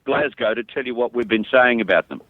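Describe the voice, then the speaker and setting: A man's voice: medium pitch, a little fast, no echo, narrow, tinny audio. A man hosting talk radio, blunt and skeptical, challenging his callers. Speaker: radio host.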